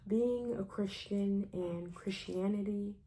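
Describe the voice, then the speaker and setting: A young woman rants casually into her camera, rambling and restarting her sentences as she goes. Her voice sits at an ordinary middle pitch, lively and full of fillers, with laughs breaking in between phrases. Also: slow. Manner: animated, rambling, many "like" fillers and self-interruptions. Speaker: vlogger.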